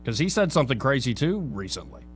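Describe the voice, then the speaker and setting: A man's voice: medium pitch, sing-song, quick pace, a little hiss or hum. A man hosting a call-in radio show, making wry, dry comments between clips. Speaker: radio talk show host. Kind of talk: casual talk radio.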